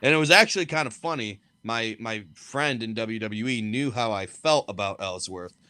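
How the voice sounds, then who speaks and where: A man's voice: lowish voice, moderate pace, pushed and bright, clean tone, no echo. A man co-hosting a podcast, telling blunt, profanity-laced stories in casual chat. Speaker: podcast co-host and wrestler.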